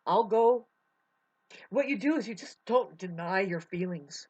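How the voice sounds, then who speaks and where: A woman in a rambling spiritual monologue, emotional and swearing, drifting between soft musing and loud outbursts. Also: fairly low pitch, animated, moderate pace, breathy edge. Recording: dull lo-fi audio.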